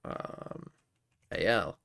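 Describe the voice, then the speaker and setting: Speaking very slowly in a fairly bright voice, a young streamer talks casually while playing quiz games, muttering and swearing over his geography guesses.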